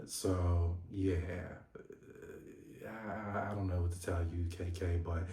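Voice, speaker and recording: A man hosting a casual reality TV recap vlog, animated and sassy, laughing and swearing often. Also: deep voice, takes it slowly. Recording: echoey room.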